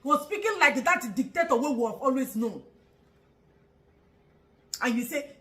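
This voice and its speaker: A woman with a Nigerian accent delivers an angry vlog commentary, firing rhetorical questions, laughing mockingly and sometimes shouting. Her voice is high, bright and sharp. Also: animated, unhurried, long pauses, poor audio.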